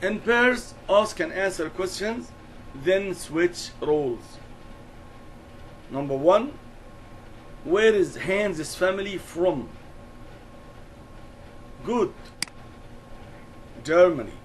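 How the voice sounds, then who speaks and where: A man teaching an English lesson, explaining slowly and deliberately and repeating key words. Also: sits high, lively intonation, a little hiss or hum, poor audio.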